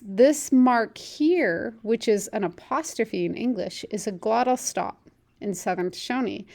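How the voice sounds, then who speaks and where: A woman teaching a language lesson, saying model phrases slowly and clearly for learners to repeat, then explaining more quickly. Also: fairly high pitch, a little mellow.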